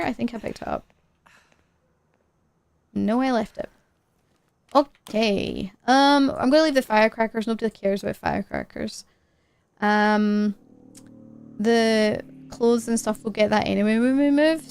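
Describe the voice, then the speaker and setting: A woman's voice: on the high side, creaky, a little mellow, slight background noise. A woman streaming a game live, chatting to herself as she plays and laughing often.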